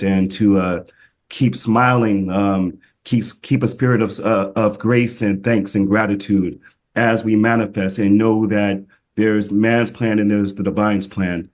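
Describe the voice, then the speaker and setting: A man with a somewhat low voice shares a spiritual reflection with a group. He talks casually and hesitantly, restarting sentences and filling gaps with ums. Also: a little mellow. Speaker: group member.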